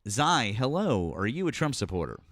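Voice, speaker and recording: A man's voice: medium pitch, very animated, normal speed, fairly bright tone. A man hosting a live political call-in stream, talking bluntly and cursing freely. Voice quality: blunt, profane, exasperated. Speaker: host.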